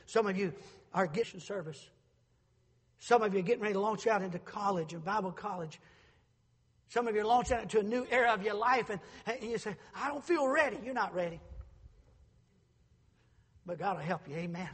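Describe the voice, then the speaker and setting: Husky preaching man in echoing church. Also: high voice, a little fast, pauses often. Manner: shifts from quiet storytelling to shouted preaching. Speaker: pastor. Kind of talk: sermon. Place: church sanctuary.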